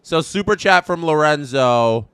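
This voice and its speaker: A Canadian man hosting a live baseball watchalong, excitable and reacting loudly to each play, his voice strained and worn out. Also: fairly high pitch, a little slow, clear, resonant tone, dry recording. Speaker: watchalong host.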